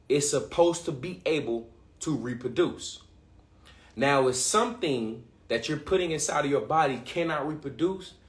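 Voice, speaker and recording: Excitable man talking in an echoey room. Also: mid-range voice. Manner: excitable, repeats and restarts, casual slang. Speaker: livestream host. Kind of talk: live-streamed talk to viewers.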